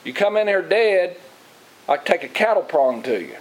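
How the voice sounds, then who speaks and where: A man's voice: high voice, big pitch swings, moderate pace, poor audio. A middle-aged man, a pastor preaching in a folksy, rambling way and asking his congregation questions. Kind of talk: sermon. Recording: faint hiss.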